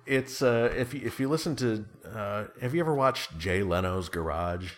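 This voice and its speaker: Low-voiced rambling man in his thirties. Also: expressive, measured pace. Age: 30s. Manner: rambling, self-deprecating, jokey. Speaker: podcast co-host. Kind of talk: casual chat.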